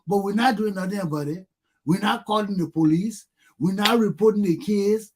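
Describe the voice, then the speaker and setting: A man with a Liberian English accent hosting a talk show, ranting heatedly and mimicking people's repeated yelling. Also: high voice, fairly quick.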